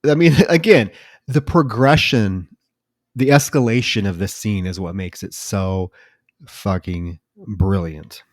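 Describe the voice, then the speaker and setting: A man's voice: lowish voice, slow, dry recording, studio quality. A man co-hosting a film podcast, recounting scenes casually and swearing now and then. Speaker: podcast co-host.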